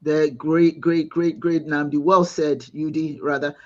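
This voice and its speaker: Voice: medium pitch, little pitch movement, measured pace, darkish tone, dull audio. A host moderating a live panel discussion, affirming the guests and reading out viewer comments.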